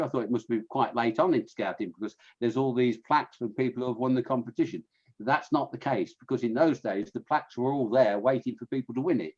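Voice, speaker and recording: A man's voice: medium pitch, darkish tone, dull audio. Chatty Fenland man giving a history talk. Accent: Fenland English. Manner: chatty, with frequent restarts and asides to listeners. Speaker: lecturer on scouting history. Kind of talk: illustrated history talk to an audience.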